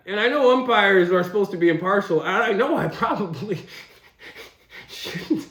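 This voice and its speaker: A man mimicking a creepy overly friendly grown man. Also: high-pitched. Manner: wheedling, insinuating. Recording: roomy echo.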